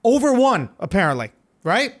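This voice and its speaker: A man's voice: sits high, sing-song, moderate pace. A man in his thirties hosting a comedy podcast, telling a story animatedly and swearing freely. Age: 30s. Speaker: podcast host.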